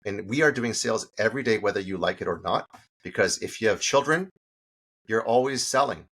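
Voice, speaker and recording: A man's voice: lowish voice, brisk, husky. A middle-aged man, a sales coach guest on an interview show, telling stories animatedly and acting out the dialogue. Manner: animated storytelling, acts out quoted dialogue. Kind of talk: casual interview talk.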